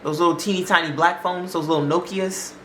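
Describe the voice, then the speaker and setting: A woman's voice: on the low side, brisk, slight background noise. A woman telling a spooky story in a casual, conversational way, in an echoey room with faint music behind. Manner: animated, conversational.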